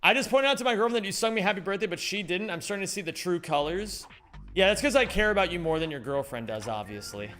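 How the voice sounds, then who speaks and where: A male streamer with a fairly high, bright, forceful voice that swings up and down constantly as he jokes with his chat. He swears casually and keeps the banter light. Faint game music plays underneath. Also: fast. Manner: animated, joking, swears casually. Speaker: speedrun streamer. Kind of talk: live-stream chat while gaming.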